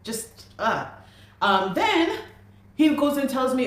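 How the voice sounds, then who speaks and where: A woman's voice: high voice, big pitch swings, slow, long pauses. A young adult woman emphatically telling a personal story as a guest, repeating phrases for emphasis. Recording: very echoey room.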